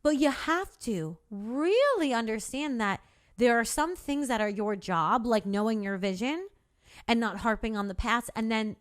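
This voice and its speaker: A young woman with a slightly high voice talks earnestly to her listeners, encouraging them with faith and plain talk. She drops in a casual curse now and then and keeps the tone heartfelt and direct. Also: lively intonation, measured pace. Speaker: podcast host. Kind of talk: motivational monologue.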